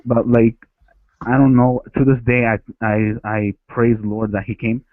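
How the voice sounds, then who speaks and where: A man's voice: mid-range voice, fairly even intonation, moderate pace, no echo. Man telling a story over a tinny line. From Ecuador. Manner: rambling, with frequent restarts. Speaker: caller. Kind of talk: phone-in storytelling. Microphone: headset. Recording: dry, tinny phone-like line.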